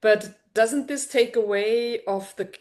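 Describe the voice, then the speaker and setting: A woman's voice: a little high, takes it slowly, darkish tone. A woman co-hosting a podcast, chatting casually and telling stories hesitantly, with many fillers. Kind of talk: casual conversational chat.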